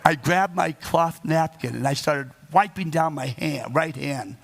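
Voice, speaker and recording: Gravelly guy telling his life story, dramatic and kinda self-mocking. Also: on the high side, unhurried, fairly bright tone. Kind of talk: storytelling monologue.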